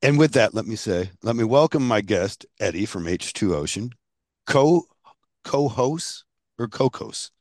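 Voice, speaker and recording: A man's voice: fairly low pitch, expressive, measured pace, dry recording, studio quality. A man hosting a podcast, jokey and chatty, firing off casual questions. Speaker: podcast host.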